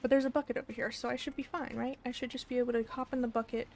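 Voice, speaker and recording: At home on a desk microphone, a young woman streamer rattles off live game commentary in a rapid-fire, high-ish, flat voice. She chats casually and swears, pausing to coo at her pet, while loud background noise fills the recording.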